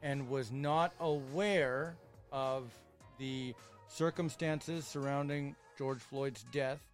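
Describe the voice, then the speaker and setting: A man's voice: medium pitch, steady tone, slow pace, faint music behind. A man, explaining his opinions at length in a casual podcast chat. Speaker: podcast co-host.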